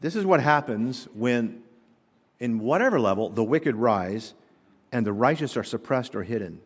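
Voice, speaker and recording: A man's voice: medium pitch, expressive, normal speed, slightly rough. A man preaching a sermon as pastor, emphatic and full of rhetorical questions. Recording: long hall reverb.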